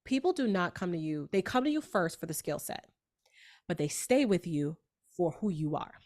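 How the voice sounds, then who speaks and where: A woman tells stories as a podcast guest. She talks fast and with a lot of emphasis, and her voice sits on the low side for a woman. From New York. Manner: fast-talking, animated, emphatic storyteller. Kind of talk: storytelling interview.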